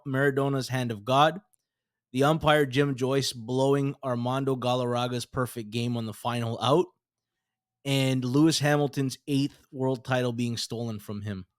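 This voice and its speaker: A man's voice: medium pitch, dry recording, studio quality. A man hosting an interview podcast, chatty and casual, often stammering as he restarts lines. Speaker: podcast host.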